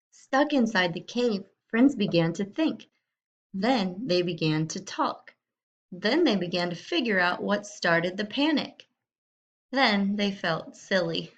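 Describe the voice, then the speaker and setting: A woman teacher reading a storybook aloud to young students in a slow, clear way. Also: medium pitch, a bit bright, highs cut off.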